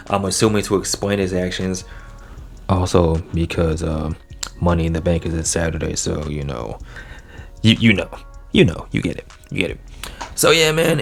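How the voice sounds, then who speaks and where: A low-voiced man reviews a wrestling episode on his own, recapping it in a relaxed, slangy way as if chatting with friends. When he gets excited, his pitch jumps up in animated swings.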